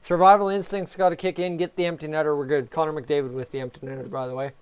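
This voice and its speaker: Nervous high-voiced fan streamer. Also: male voice, quick pace, clean tone. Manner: nervous, excitable, talks to chat. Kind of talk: live game reaction commentary.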